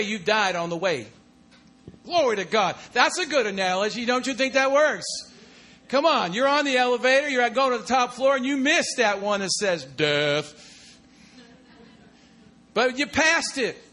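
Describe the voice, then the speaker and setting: His voice very high, bright, and forceful, a man preaches a sermon filled with cries of "come on" and "glory to God." He swings between loud bursts and quiet asides.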